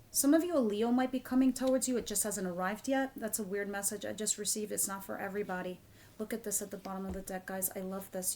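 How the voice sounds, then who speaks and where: A woman giving a casual tarot reading straight to her viewers, animated, cursing freely and often repeating herself. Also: on the high side. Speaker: tarot reader.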